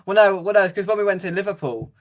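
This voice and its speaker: A man's voice: high voice, lively intonation, quick pace. Chatty young man hosting a preview. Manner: chatty, wry, lots of "uh" fillers. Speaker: fan channel host. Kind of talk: casual match preview chat.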